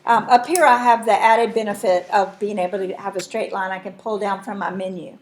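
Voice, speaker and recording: A woman's voice: medium pitch, steady tone, fairly quick. A woman teaching a math class, walking through steps and checking in with her students. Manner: explains step by step, checks in with students. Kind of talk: classroom lesson.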